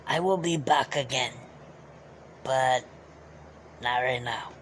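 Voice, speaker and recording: A cranky old Italian uncle, scratchy and strained, barking orders and shooing people away, as a man puts the voice on for his stream. He talks slowly and scolds everyone around him. Faint noise hums behind. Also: mid-range voice, fairly bright tone. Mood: grumpy scolding. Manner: bossy, scolding, threatens and shoos people off. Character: grumpy old Italian uncle, bossy and quick-tempered. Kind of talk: live-stream character bit.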